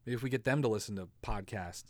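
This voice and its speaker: A man's voice: on the low side, fast, darkish tone, dry recording. A man hosting a casual comedy podcast, rambling and sarcastic, swearing casually and laughing at his own jokes. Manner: swears casually, slips into silly voices. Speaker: podcast host.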